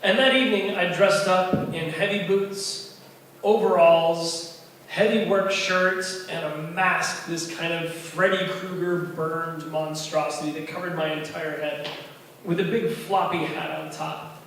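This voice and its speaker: A man's voice: on the high side, measured pace, slight background noise. A man telling a story at an open mic night in a bar, acting out the voices of the people in it. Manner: animated, acts out voices of kids and friends. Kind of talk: spoken storytelling. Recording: echoey bar from far off.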